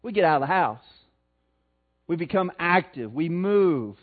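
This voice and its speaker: A man with a Missouri accent preaching a sermon, swinging between loud emphasis and soft, slow passages. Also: a little high, expressive. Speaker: pastor. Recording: tinny phone-like sound.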